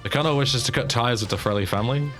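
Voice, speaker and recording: A man's voice: mid-range voice, very fast, fairly bright tone, faint music behind, close to an everyday voice. A man voicing a formal, overly well-spoken security chief for a gang boss.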